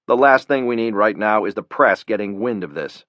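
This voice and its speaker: A male narrator doing a commanding president, firm and a touch raised in pitch and volume, laying down orders. The track is dull and dry. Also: moderate pace, no echo, lightly acted.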